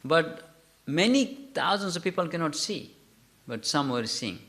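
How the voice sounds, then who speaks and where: A man teaching a scripture class, telling a story in a halting way, correcting himself and putting questions to his listeners. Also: fairly high pitch, animated, fairly bright tone. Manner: halting, self-correcting, asks the audience questions. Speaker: lecturer.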